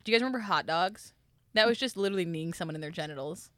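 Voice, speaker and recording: A woman's voice: lowish voice, rapid-fire, fairly bright tone, dry recording, clean studio sound. A woman in her twenties co-hosting a podcast, rambling and giggling through casual chat and swearing freely. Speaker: podcast co-host.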